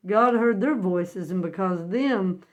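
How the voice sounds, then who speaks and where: A woman of middling pitch teaching a Bible lesson through folksy storytelling. She speaks earnestly and stresses key points, and she keeps turning to her listeners with questions about what comes next. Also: a little slow, a little mellow.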